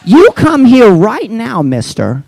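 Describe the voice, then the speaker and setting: A woman's voice: a little high, wildly swooping pitch, slow, creaky, darkish tone, heavily acted. A man doing a bossy older Boston woman. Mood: scolding. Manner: bossy, scolding. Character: stern older churchgoing woman, scolding.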